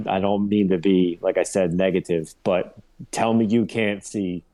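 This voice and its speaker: A man co-hosting a casual sports podcast, ranting in a profane, rambling, animated way. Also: low voice. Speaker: podcast co-host.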